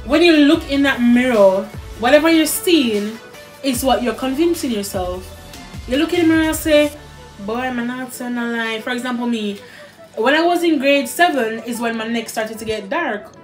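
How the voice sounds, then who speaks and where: High-voiced Jamaican young woman, candid chat. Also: moderate pace, faint music behind. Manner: candid, animated, slips into patois. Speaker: guest. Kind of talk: casual chat over a meal.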